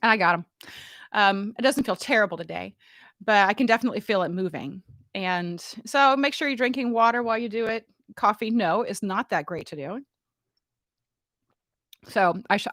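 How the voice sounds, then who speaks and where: A woman voice teacher giving a casual, playful vocal warm-up demonstration in a room at home, talking into a studio mic. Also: mid-range voice, brisk, no echo. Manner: chatty, playful and relaxed, often asks "right?". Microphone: studio mic, monitored on headphones.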